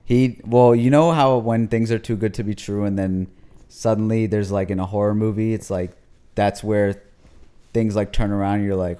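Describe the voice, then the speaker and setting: Low, mellow young man recounting a story. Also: moderate pace, clear, resonant tone. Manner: animated, jumps in to finish stories. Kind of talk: casual storytelling.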